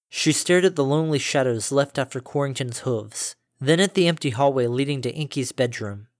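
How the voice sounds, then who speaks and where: A man reading a pony fan fiction story aloud in a steady, descriptive narration. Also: medium pitch, no room sound, clean studio sound. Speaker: reader.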